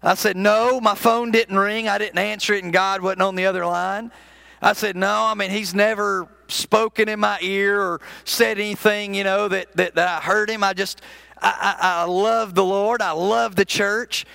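Male minister, high gravelly voice, bright tone, folksy conversational sermon delivery. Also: steady tone, normal speed, no room sound. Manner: folksy, conversational storytelling with frequent restarts. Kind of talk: sermon with storytelling.

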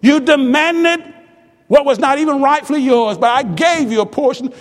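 A man's voice: very high-pitched, moderate pace. A man preaching a sermon, voicing a loving father who prays for and forgives his son. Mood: stern. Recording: long reverb of a large hall.

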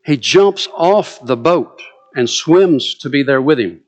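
A man's voice: fairly high pitch, expressive, takes it slowly. A man preaching a sermon, retelling a story with drama and vivid asides.

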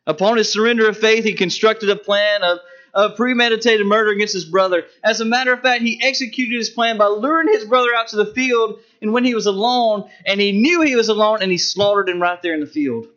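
A man preaching a sermon, emphatic, with sharp rises and drops in his voice for stress. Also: high voice, brisk. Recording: dull lo-fi recording.

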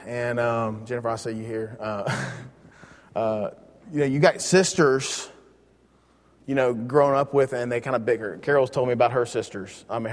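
A man teaching a Bible lesson in a relaxed, joking way, leaning hard on key words. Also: mid-range voice, long reverb tail.

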